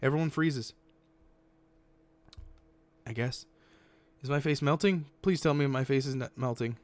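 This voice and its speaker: A man's voice: mid-range voice, unhurried. A man hosting a let's-play, reading a story game aloud casually and correcting his slips.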